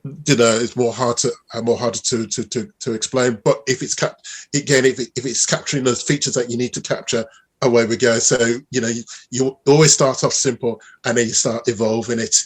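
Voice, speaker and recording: Man, middle-aged, husky voice, lively storyteller, interview guest. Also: mid-range voice, a little fast. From Birmingham, England. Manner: animated storyteller, many restarts. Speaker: mathematician guest. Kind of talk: conversational interview.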